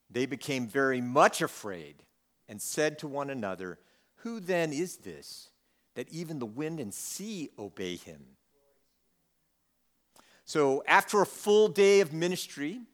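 A man's voice: fairly high pitch, a bit bright. A man teaching a Bible passage in a conversational way, reading the text and then acting out the disciples' lines with humor. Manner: conversational, acts out quotes with humor. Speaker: preacher.

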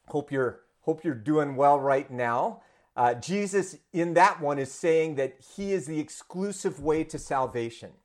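Guy pastor running a bible quiz sermon over video, chatty, lots of uhs, voice a bit high. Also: darkish tone. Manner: conversational, with frequent uh fillers and restarts. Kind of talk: sermon run as an online quiz game. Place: church congregation in Vancouver.

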